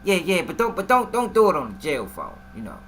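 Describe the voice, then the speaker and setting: A man imitating a compliant young woman who answers in a low-key, agreeable way. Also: wildly swooping pitch, fairly quick, a bit bright, slight background noise, exaggerated voice.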